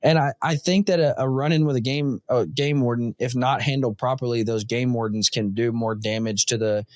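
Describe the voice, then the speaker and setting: A man in a relaxed podcast chat who tells stories with energy and acts out the quotes. His voice sits in the middle range. The sound is dry and close, with no room echo. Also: mid-range voice, moderate pace. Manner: animated storyteller, acts out quotes. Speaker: podcast host. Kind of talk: casual conversation.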